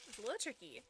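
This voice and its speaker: Giggly chatty woman streamer, noisy room. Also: a little high. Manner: chatty and giggly, baby-talks her dog. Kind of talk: casual live-stream chat.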